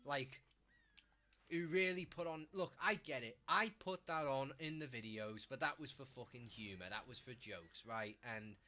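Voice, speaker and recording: Scouse streamer, male; blunt, sweary, mocking rant; very bright, ringing tone. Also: mid-range voice, moderate pace. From Liverpool, England. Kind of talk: casual ranting commentary.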